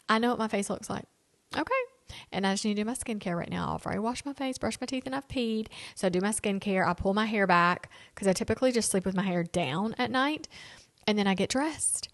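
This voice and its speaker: A woman in her late thirties hosting a solo podcast, chatting candidly and directly to her listeners in a casual, homey way. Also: mid-range voice. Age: 30s. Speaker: podcast host. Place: home lounge.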